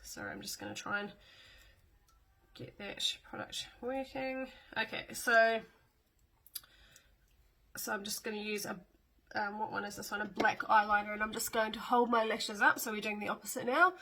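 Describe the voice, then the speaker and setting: Middle-aged aussie lady doing a makeup tutorial, bright voice, chatty with lots of ums. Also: medium pitch, steady tone, moderate pace, creaky, long pauses, poor audio. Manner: chatty, with fillers and small asides. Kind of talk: casual step-by-step makeup demo.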